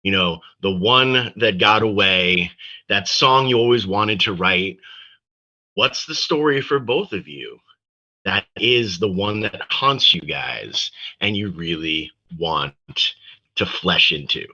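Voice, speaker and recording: A man hosting a casual interview, animated, with stumbling repetitions as he asks questions. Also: low voice, takes it slowly, dull audio. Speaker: interview host.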